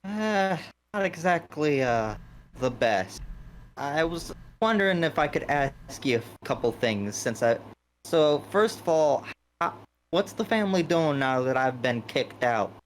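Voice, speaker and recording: Slightly high-voiced man at a game table. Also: sing-song, unhurried, a little hiss or hum. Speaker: player. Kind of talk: casual tabletop game chat.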